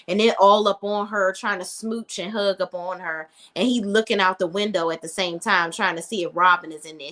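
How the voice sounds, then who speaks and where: A woman's voice: mid-range voice, brisk, hardly any pauses, a bit bright. A woman recapping a TV episode in a casual, sassy, blunt way, acting out what the characters say. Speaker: TV recap commentator.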